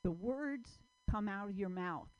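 A woman's voice: medium pitch, animated, measured pace, lo-fi sound. A woman doing stand-up at an open mic, musing aloud in a rambling way. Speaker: stand-up comedian and emcee.

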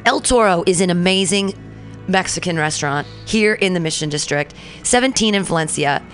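A woman's voice: fairly low pitch, fairly quick, fairly bright tone, soft background music. A woman hosting a talk radio show, telling a long story in a chatty, rambling way, with lots of "like", and acting out the people in it. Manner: chatty, rambling, heavy use of "like", acts out quoted people.

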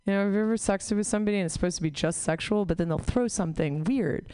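A woman's voice: medium pitch, fast, mellow, clean tone, no echo. A woman doing a stand-up set, rambling, swearing a lot and mocking herself. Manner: profane, rambling, self-mocking. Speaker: stand-up comic. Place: comedy club stage.

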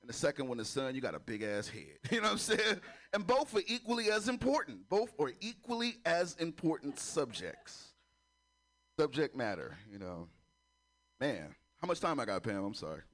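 On a comedy club stage, a man runs through a crude stand-up set, laughing at his own jokes while telling animated stories. His voice sits a little high, and he talks at a normal speed.

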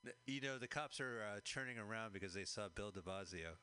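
A man's voice: fairly low pitch, a little fast, bright, forceful tone, smooth. A man co-hosting a casual chat over a film, joking around and slipping into silly impressions. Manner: jokey, slips into silly impressions. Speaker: podcast co-host. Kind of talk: casual movie commentary chat.

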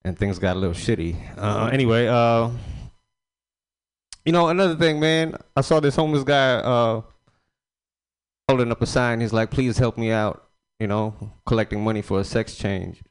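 A man's voice: mid-range voice, normal speed, smooth. A man performing a loose, rambling stand-up set on a comedy club stage. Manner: loose, rambling delivery with frequent fillers. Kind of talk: stand-up set at an open mic.

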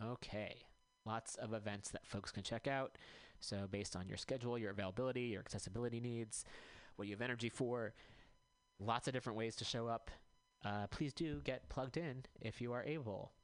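A man hosting a community radio show, reading out upcoming events in a casual way and pausing to check details. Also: mid-range voice, smooth, dry recording, rough recording. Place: radio studio.

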